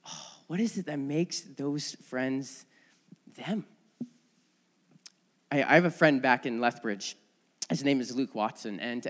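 Male preacher, earnest conversational sermon, mid-pitched, long reverb tail from the sanctuary. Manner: earnest, with frequent restarts and storytelling. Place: church sanctuary.

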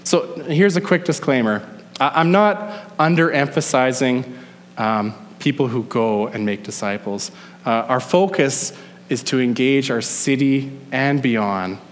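A male pastor preaching a sermon, emphatic, slowing down to stress key phrases. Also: medium pitch, long reverb tail. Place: church sanctuary.

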